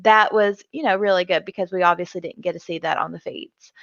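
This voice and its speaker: A woman's voice: on the low side, steady tone, fairly quick, a bit bright, no echo. A woman co-hosting a casual chat show, chatty, who laughs often and acts out what others said. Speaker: co-host. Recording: dull lo-fi sound.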